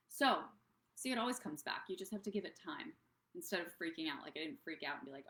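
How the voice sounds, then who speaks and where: A woman's voice: fairly low pitch, lively intonation, quick pace, a bit bright, roomy sound. A woman coaching other business owners on a live stream, talking in a bubbly, rambling way that drifts off track. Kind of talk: casual live-stream talk.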